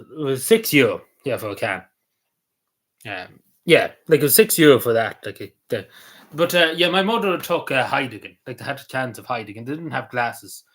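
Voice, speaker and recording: A man's voice: mid-range voice, a bit bright. An Irish man streaming a casual chat. He rambles loosely, with lots of ums, uhs and likes. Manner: meandering, full of ums and likes.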